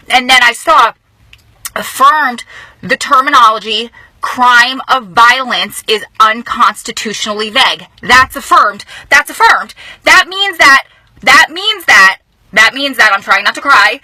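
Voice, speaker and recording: Bright-voiced excited woman vlogger. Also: fairly high pitch, no room sound, rough recording. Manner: excited, emotional, talks fast in bursts. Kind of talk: casual vlog storytelling. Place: inside a car.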